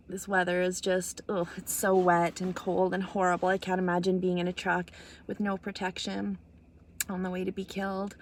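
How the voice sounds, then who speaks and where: A woman's voice: mid-range voice, a little hiss or hum. A young woman from Canada telling a story in a casual vlog, earnest, with many ums, acting out both sides of a conversation. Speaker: vlogger. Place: outdoors in snow.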